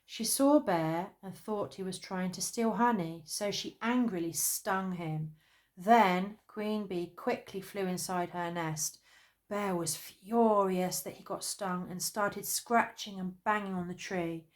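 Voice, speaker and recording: A woman reads a children's storybook aloud with an expressive storytelling manner, speaking slowly in a mid-range voice.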